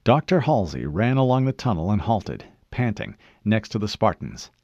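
A man narrating an audiobook in an expressive storytelling manner. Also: lowish voice, moderate pace, dry recording, lo-fi sound.

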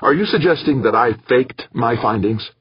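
A man voicing a defensive, hot-tempered male scientist who fires back sharp, indignant retorts. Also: medium pitch, lively intonation, moderate pace, husky, dry recording, highs cut off, voice pushed up.

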